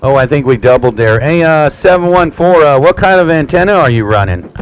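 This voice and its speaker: A man's voice: a little high, fairly quick. Radio operator man with static. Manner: relaxed, repetitive, lots of fillers. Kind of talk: live radio chat. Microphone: radio transceiver mic. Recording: static-filled radio audio.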